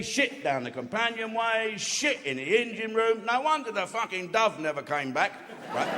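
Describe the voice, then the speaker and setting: A man's voice: high-pitched, slight background noise. A man doing a live stand-up routine, telling crude stories with heavy swearing. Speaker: stand-up comedian. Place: large theatre stage. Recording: echoey hall with loud audience. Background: live audience laughing.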